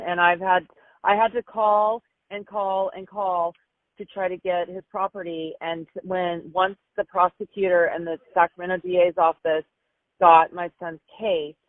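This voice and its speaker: A woman's voice: on the low side, no room sound. Emotional mother on a tinny phone line. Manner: emotional, halting, repeats herself. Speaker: grieving mother. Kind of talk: phone interview storytelling.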